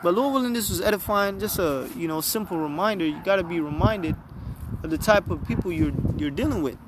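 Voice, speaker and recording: A man's voice: high voice, a little fast, noisy background. A man reading scripture and preaching with emphasis, often checking in with his listeners. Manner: emphatic, repeatedly asks "all right?". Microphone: phone.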